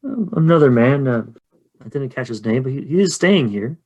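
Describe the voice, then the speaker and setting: A man's voice: medium pitch, lively intonation, normal speed, mellow, dull audio, close to an everyday voice. A man voicing a gossipy small-town innkeeper woman, chatty and confiding, in a slightly raised voice.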